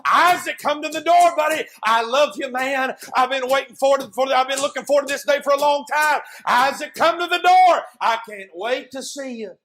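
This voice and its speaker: A man voicing a loving young son who begs, raised and high, at a closed door. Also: normal speed, hardly any pauses, fairly bright tone. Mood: pleading. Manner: eager, begging, voice raised high.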